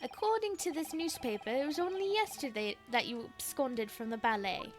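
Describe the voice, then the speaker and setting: A woman's voice: high-pitched, sing-song, a little fast, soft background music. A woman voicing a grand, pompous male detective, reading game dialogue aloud with theatrical flair.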